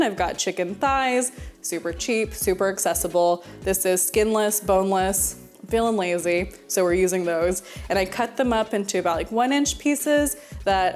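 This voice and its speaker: A woman's voice: medium pitch, darkish tone. A young woman from Houston hosting a casual cooking tutorial, chatty and prone to giggling as she walks through a recipe. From Houston, Texas. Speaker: cooking show host.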